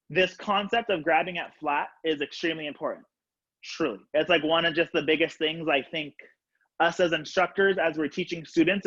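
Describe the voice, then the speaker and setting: Upbeat man counting through a video-call class. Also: a little high. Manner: upbeat, counting out loud, casual with lots of fillers. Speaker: color guard instructor. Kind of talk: live online class instruction. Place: home room, on the floor. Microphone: laptop webcam on a video call. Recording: dull lo-fi video call audio.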